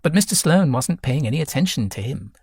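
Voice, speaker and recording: A man narrating a novel audiobook in a measured, even reading. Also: on the high side, gravelly, breathy edge, dry recording, clean studio sound. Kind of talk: scripted narration.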